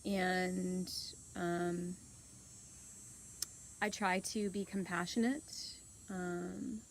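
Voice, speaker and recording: A woman in her thirties, hosting, telling a personal story in an open, earnest, unhurried way with soft pauses. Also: lowish voice, fairly even intonation, a little hiss or hum, poor audio. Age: 30s. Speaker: host.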